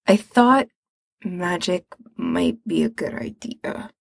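A woman's voice: fairly high pitch, expressive, drawn-out words, pitched above the performer's own voice, exaggerated voice. Woman reading Gerard, a meek, guilty young man. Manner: meek, apologetic, hesitant.

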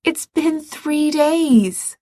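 A woman's voice: high-pitched, expressive, drawn-out words, warm tone, no room sound, studio quality, voice pushed up, exaggerated voice. A woman voicing an anxious young man who insists, in a pleading way, on finding help for his sick brother. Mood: insistent.

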